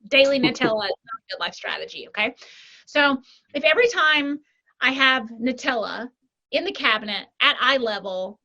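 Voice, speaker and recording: A woman life coach talking as a podcast guest, animated, walking through example scenarios and checking in with frequent tag questions. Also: sits high, normal speed, low-quality recording. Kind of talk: conversational interview.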